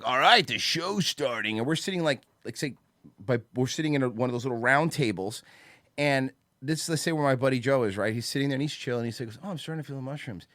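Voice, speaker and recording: A man hosting a podcast who tells stories with animation and acts out other people's shouts in casual chat. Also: medium pitch, dry recording, studio quality. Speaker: podcast host. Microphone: studio microphone.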